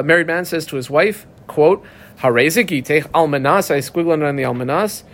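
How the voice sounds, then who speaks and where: A man with a somewhat higher voice teaches a Talmud page. He explains in a relaxed, conversational way, dropping Aramaic terms and quick casual English asides as he walks through the text. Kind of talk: daf yomi Talmud lesson.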